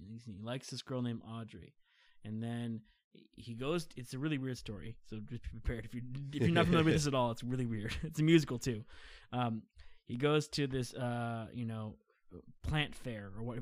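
A man's voice: mid-range voice, no room sound. A man chatting casually as a podcast co-host, retelling a story in a rambling way full of fillers and small laughs. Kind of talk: casual chat.

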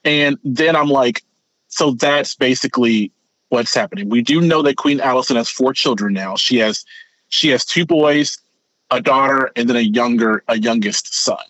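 A man's voice: medium pitch, normal speed, no room sound. Rambling man on a lo-fi podcast. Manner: rambling, animated, repeats words while thinking. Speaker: podcast co-host. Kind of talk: casual chat. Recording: dull, lo-fi sound.

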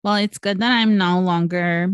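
A woman's voice: on the low side, fairly even intonation, moderate pace, smooth, dry recording, muffled recording. Profane, laughing woman in her late twenties. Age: late 20s. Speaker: podcast co-host. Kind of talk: casual chat.

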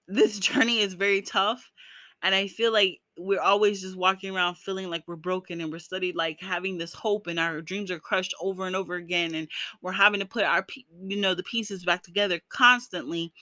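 In a dry recording, a woman vlogger talks at a normal pace with a medium-pitched voice that's pushed and bright. She encourages her viewers earnestly, leans on "you know" a lot, and becomes emotional, breaking into laughter while speaking.

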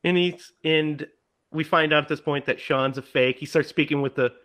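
A man co-hosting a podcast, casually retelling a horror film in an animated way and acting out the characters' lines. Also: a little high, normal speed. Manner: animated, acts out characters' lines in put-on voices. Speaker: podcast co-host.

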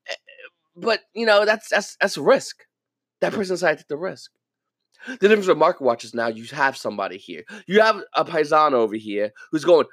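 A man hosting a casual podcast monologue, talking in an animated way and acting out the people he quotes. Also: fairly high pitch, brisk, no echo. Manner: animated, acts out quoted viewers. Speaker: podcast host.

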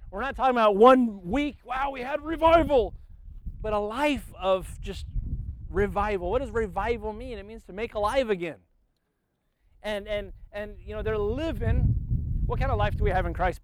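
A man's voice: sits high, moderate pace. A man preaching an impassioned sermon at a family camp, often repeating words as he builds up. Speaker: pastor. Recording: tinny phone-like sound with loud noise.

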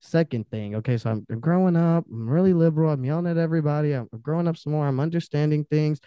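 Heated, swearing man, fairly high voice. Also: quick pace, smooth, no echo, dull audio. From Romanian family background. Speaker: podcast guest. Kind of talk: casual, profane podcast rant.

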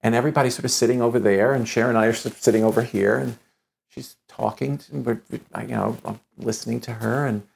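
A man telling a long anecdote in conversation, lively and acting out the dialogue, often restarting his sentences with stammers. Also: medium pitch, fast talker, gravelly. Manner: lively storyteller who acts out quoted dialogue.

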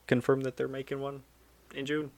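A man's voice: medium pitch, completely flat delivery, moderate pace, darkish tone, no echo. A man co-hosting a gaming news podcast in a laid-back, teasing way, sounding sleepy. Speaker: podcast co-host. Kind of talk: casual chat.

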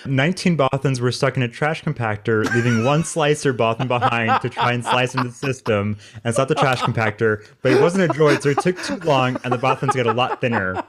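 A man's voice: mid-range voice, a little fast, hardly any pauses, noisy background. A man co-hosting a casual podcast, telling things in a loose, rambling way and laughing often. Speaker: podcast co-host. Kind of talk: casual chat.

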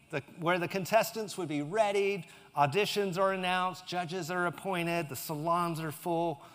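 A man's voice: on the high side, a bit bright, long reverb tail. A male pastor giving a sermon in a conversational way, with joking asides to the congregation.

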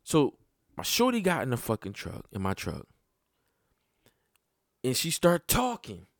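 A man tells a story about his child in blunt, casual talk full of swearing. His voice sits at a middle pitch and jumps high and loud when he gets heated. The recording is dry, with no room sound. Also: wildly swooping pitch, a little slow, gravelly, dry recording. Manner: profane, blunt, conversational; voice climbs high and loud when worked up. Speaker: father telling a personal story.

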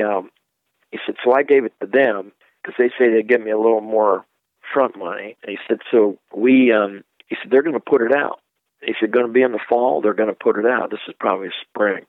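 A man's voice: fairly low pitch, no room sound. An older man from Ohio, a record producer, telling rambling stories as an interview guest and acting out the voices of the people he quotes. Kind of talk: anecdotal storytelling interview. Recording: tinny phone-like line, dry.

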